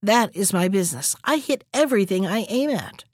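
A woman's voice: mid-range voice, expressive, fairly quick, dry recording, studio quality, lightly acted. A woman voicing a proud, brusque sharpshooting man in a storybook reading. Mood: irritated. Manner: brusque, hushing.

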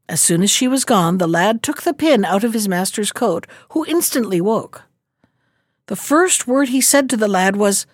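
A woman's voice: mid-range voice, animated, normal speed, no echo. Woman narrating a folk tale, dry sound. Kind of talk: storybook narration.

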